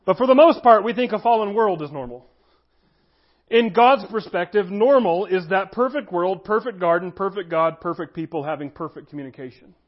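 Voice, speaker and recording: A man with a high voice delivers a sermon, earnest and emphatic, drawing out key phrases. The recording sounds a little dull and lo-fi. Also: animated, normal speed. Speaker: pastor.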